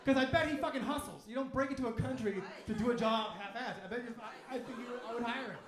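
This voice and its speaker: A man performs stand-up in a comedy club, his voice sitting high and lively. He talks crudely and acts out little voices. The club room gives his mic a roomy echo, with laughter from the crowd. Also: fast, hardly any pauses. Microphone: handheld stage mic. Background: audience laughter.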